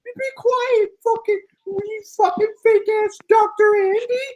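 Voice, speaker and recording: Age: adult. Figure: a shrill, squealing male debater. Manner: tearful, cursing rant. Style: mocking impression. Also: steady tone, unhurried, darkish tone, rough recording. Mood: tearful fury. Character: shrill whiny male rival debater, furious and ranting. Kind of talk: mocking impression on a live audio panel.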